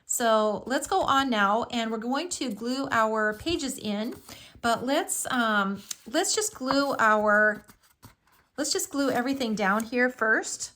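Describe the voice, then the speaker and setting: A middle-aged woman with a fairly high voice walks viewers through a live craft project. She chats along enthusiastically, filling pauses with little ums as she works. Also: bright, forceful tone. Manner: chatty and enthusiastic, with frequent fillers. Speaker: crafting tutorial host.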